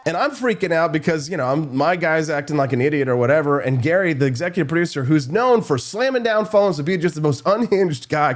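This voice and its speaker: A man's voice: a little high, a little hiss or hum. A man hosting a political talk show, telling stories in a loose, rambling way and acting out quotes from old colleagues. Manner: rambling, animated storytelling with impressions. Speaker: show host. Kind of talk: casual political commentary.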